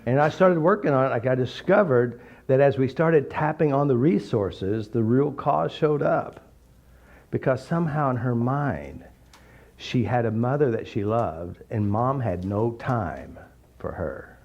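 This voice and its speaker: A man giving an informal, blunt teaching talk full of jokes and animated stories. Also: medium pitch, a little slow. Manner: blunt, joking, animated storytelling. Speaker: therapy method teacher. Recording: slightly dull recording.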